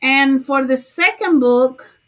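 Woman doing a crochet livestream, bright high voice, slow easy talk, lots of laughing and hi-ing folks by name. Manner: chatty, greets viewers by name, laughs often. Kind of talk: casual livestream chat.

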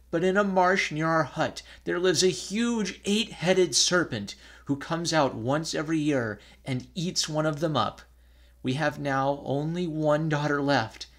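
A man's voice: fairly high pitch, fairly bright tone, pitched above the performer's own voice. A man voicing grieving old parents who plead for help, their voices choked with sobs. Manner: pleading, tearful.

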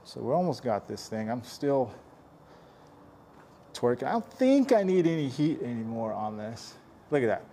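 A man's voice: medium pitch, very animated, normal speed, long pauses, warm tone, a little hiss or hum. A man chatting and joking as he repairs a car dent, grumbling under his breath now and then. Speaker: paintless dent repair technician. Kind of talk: casual running commentary while working.

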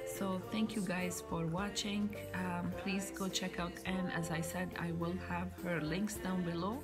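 A woman vlogging as she unboxes gifts, gushing over each one and often dropping to a soft whisper. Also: on the low side, low-quality recording. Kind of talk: unboxing chat to camera. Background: background music.

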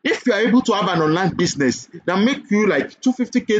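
A man with a Nigerian accent giving a sales webinar pitch for an online business course, persuasive and full of repeated questions and "okay?" checks. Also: expressive, fast, dull audio.

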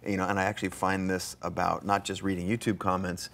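A man with a fairly low voice hosts a live interview, chatty and animated. He jumps in with quick enthusiasm and keeps things moving. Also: creaky. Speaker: host.

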